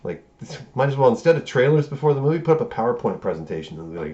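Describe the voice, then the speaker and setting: A man's voice: mid-range voice, sing-song, racing, hardly any pauses, dark tone, highs cut off. A man giving a rambling, profane, casual film review, acting out the characters' lines as he goes.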